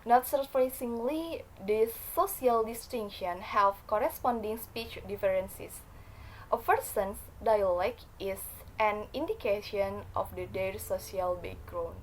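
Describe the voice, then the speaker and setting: A woman gives a class presentation in a middle-pitched voice, reading from her notes. She pauses on fillers and corrects small slips as she goes, with faint noise behind her. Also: low-quality recording.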